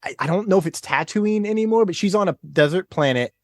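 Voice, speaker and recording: Excitable man on a podcast. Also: high voice, fast, dry recording, clean studio sound. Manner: excitable, animated retelling with gasps and laughs. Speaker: podcast guest. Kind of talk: casual chat.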